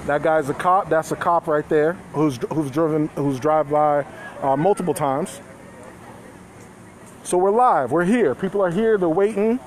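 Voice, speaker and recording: High-voiced man reporting live outdoors. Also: unhurried. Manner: loose and conversational, chuckling asides to viewers. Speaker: reporter streaming live from a protest. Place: outdoors by a street. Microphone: phone held in hand. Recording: faint outdoor street noise. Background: passing cars and street noise.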